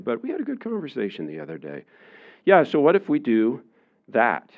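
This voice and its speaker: A man giving a public lecture in a relaxed, conversational way, with many fillers, often acting out the voices of the people he quotes. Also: lowish voice, a little fast, phone-quality sound. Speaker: university lecturer. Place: lecture room.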